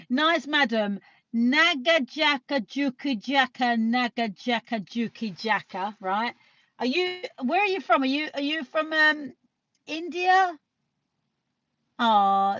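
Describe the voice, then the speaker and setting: A woman's voice: sits high, fairly bright tone, dry recording. A British woman from the UK chatting casually on a live stream, rambling and swearing now and then. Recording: dull lo-fi sound.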